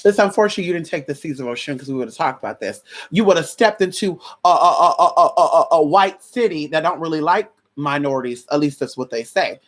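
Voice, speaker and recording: A woman's voice: brisk, hardly any pauses. A woman vlogger casually telling a story to a viewer, sassy and slangy, acting out what people said. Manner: sassy, animated, slangy, swings pitch widely acting out quotes. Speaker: vlogger giving advice.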